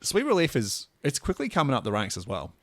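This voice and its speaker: A man co-hosting a music podcast in relaxed banter, laughing often. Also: medium pitch, fairly quick, no room sound. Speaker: podcast co-host. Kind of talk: casual chat.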